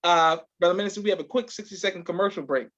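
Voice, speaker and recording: A man hosting a podcast, affirming his guest and reading sponsor thanks in a brisk announcer-like way. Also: high voice, fairly bright tone. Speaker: podcast host. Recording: dull lo-fi sound.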